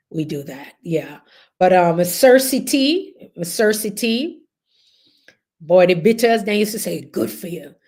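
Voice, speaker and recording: Hosting a laid-back group conversation, a middle-aged woman with a Jamaican accent speaks in a low, slightly rough voice. Her storytelling is lively, chatty and full of laughter.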